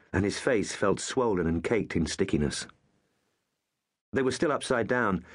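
A man narrating an audiobook with measured, expressive storytelling. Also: low voice.

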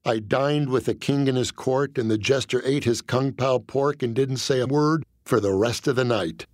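A male comedian narrating his own memoir as a comic audiobook, deadpan and self-deprecating, on a close studio mic. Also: medium pitch, normal speed, dry recording.

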